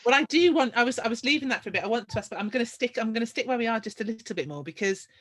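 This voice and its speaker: A woman's voice: a little high, expressive, rapid-fire, a bit bright. A woman hosting an interview, thinking aloud in a thoughtful, hesitant way. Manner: thoughtful, hesitant, restarts phrases. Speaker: host. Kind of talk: conversational interview.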